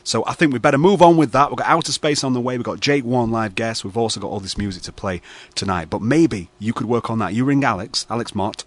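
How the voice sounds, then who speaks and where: A man's voice: mid-range voice, fast talker, no room sound. A man hosting late-night radio banter, spinning a mock-serious story full of fillers. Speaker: radio host.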